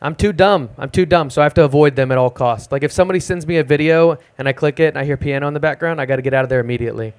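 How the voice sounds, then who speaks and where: A young man doing a self-deprecating, deadpan stand-up set at an open mic in a small music club. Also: a little high, racing, hardly any pauses, smooth. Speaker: stand-up comedian.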